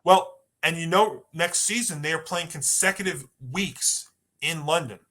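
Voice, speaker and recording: A man's voice: a little high, a little slow, pushed and bright. A man co-hosting a sports podcast, chatty and rambling through his points. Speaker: podcast co-host. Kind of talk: casual sports talk.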